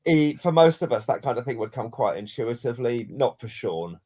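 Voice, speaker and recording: An English man co-hosting a casual podcast chat, rambling through anecdotes with plenty of false starts. His pitch sits right in the everyday middle for a man, and his delivery is relaxed and conversational. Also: a little fast. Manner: rambling storyteller, many restarts. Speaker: podcast co-host.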